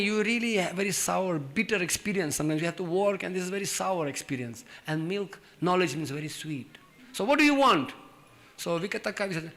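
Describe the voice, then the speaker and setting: A man's voice: sits high, creaky. A middle-aged man telling a story in a sermon, acting out its characters and laughing often. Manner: animated, acts out voices in the story, laughs often. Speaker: speaker giving a scripture class.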